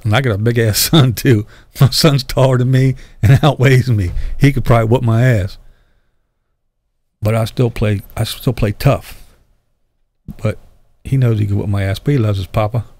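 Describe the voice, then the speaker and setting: A man's voice: medium pitch, fairly even intonation, moderate pace, pauses often, darkish tone. An older man hosting his own channel, chatting casually with viewers and answering their comments in a blunt, profane way, laughing often. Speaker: YouTube channel host.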